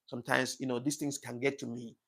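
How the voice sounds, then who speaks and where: A man's voice: medium pitch, flat delivery, quick pace, a bit bright. A man hosting a live stream, chatting casually and reading out viewer comments, often apologizing and thanking his viewers, an emotional speaker. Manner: emotional, says things get to him easily. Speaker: livestream host.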